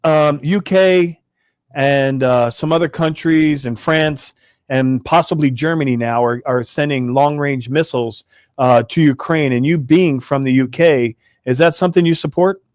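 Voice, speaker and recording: A man's voice: a little high, unhurried, dry recording, studio quality. A man co-hosting a talk show, earnest and asking callers questions. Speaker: co-host. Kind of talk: casual radio talk.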